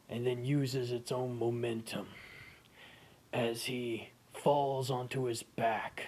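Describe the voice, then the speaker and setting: A man's voice: medium pitch, slight background noise. A man casually telling an improvised adventure story and correcting himself as he goes. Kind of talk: improvised fan-fiction storytelling.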